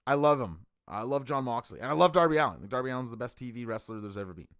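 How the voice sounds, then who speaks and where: A man's voice: mid-range voice, lively intonation, rapid-fire, a bit bright, no room sound, studio quality. A middle-aged man hosting a live stream, reviewing a show in an enthusiastic, rambling way with lots of fillers and restarts. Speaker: wrestling stream host.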